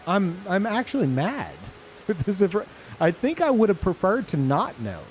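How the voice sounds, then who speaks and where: A man's voice: high-pitched, very animated, normal speed, a little hiss or hum. A man streaming a game live, reacting in disbelief, swearing often and laughing a lot. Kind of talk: live gameplay commentary.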